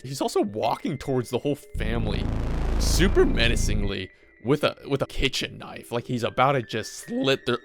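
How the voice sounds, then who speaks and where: A man recapping a movie in a casual, joking, profane way. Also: mid-range voice. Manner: swearing, joking, animated.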